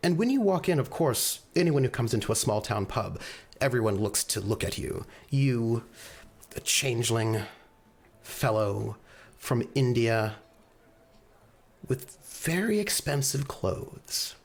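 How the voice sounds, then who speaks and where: A man's voice: medium pitch, animated, takes it slowly, vocal fry. A man narrating as game master in a tabletop role-playing game, descriptive and loose with many fillers.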